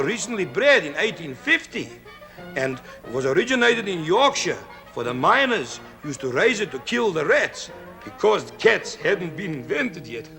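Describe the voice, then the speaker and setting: A chuckling, folksy pet expert. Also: male voice, sits high, gravelly, a bit bright, slightly rough, heavily acted. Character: chatty male pet expert, jokey, fond of dogs. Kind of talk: 1970s children's TV sketch acting.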